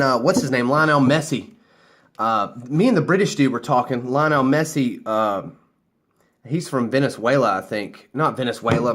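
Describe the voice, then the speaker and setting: An American vlogger, a few drinks in, tells a rambling story casually to the camera. His medium-pitched voice has a fairly bright tone, and he's loose, chatty and laughing as he goes.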